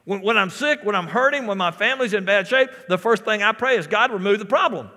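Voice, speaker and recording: Talking fast and animatedly, a pastor with a high-pitched, sharp voice preaches in what sounds like a large hall, a church sanctuary. He repeats phrases and keeps calling out to the congregation.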